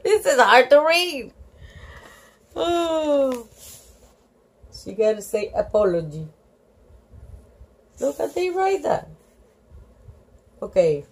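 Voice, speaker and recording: Woman, giggly, chatty, lively voice, slow, reading to camera on a tripod. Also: a little high. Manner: giggly, chatty, talks to the viewer. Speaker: reader of a children's book. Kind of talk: casual read-aloud with chatty asides.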